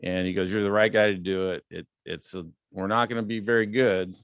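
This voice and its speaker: A man in his fifties giving a casual talk as a guest speaker, relaxed and rambling with many fillers, lifting his voice when quoting others. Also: deep voice, fairly quick, clear, resonant tone, no echo. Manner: acts out quoted dialogue in a raised voice. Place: club meeting room.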